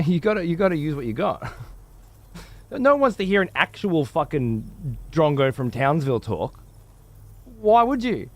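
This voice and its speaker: An Australian man doing profane let's-play commentary, ranting and mocking with heavy swearing. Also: on the high side. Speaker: gaming streamer.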